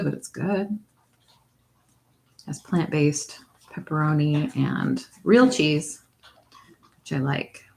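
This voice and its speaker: Slow-talking woman chatting on a craft livestream. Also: a little hiss or hum. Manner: slips into high baby talk with her dog, drops to soft whispers. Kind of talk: casual livestream chat.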